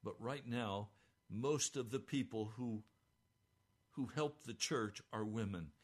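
Impassioned older pastor, slow delivery. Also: male voice, mid-range voice. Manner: impassioned, swings between hushed and crying out. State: almost hoarse. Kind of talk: sermon.

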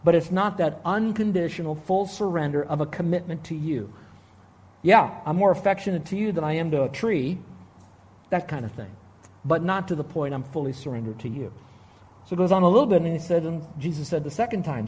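A middle-aged man preaching a sermon, with emphatic, slow, stressed phrases and frequent restarts. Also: a little high, a little mellow. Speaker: pastor.

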